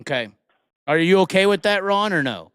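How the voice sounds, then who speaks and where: A man's voice: sits high, expressive, moderate pace, fairly bright tone, clear, resonant tone, no echo. A man hosting a casual live talk show, rambling and joking with a profane streak. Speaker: host.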